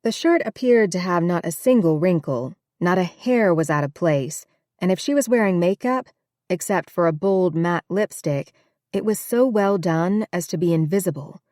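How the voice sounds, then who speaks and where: Woman audiobook narrator, low, steady, dry close recording. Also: normal speed, no room sound. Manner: steady, even reading. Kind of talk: scripted narration.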